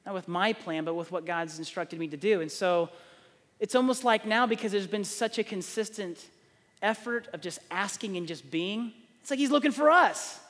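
A man's voice: high voice, moderate pace, in a large hall. A middle-aged man, preaching a sermon, telling stories and acting out the dialogue. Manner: animated storytelling, acts out dialogue. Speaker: pastor.

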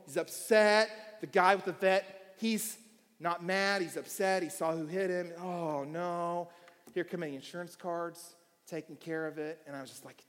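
Male pastor, sermon, fairly high voice, long hall reverb. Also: fairly even intonation, measured pace. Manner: storytelling, shifting from quiet asides to shouting.

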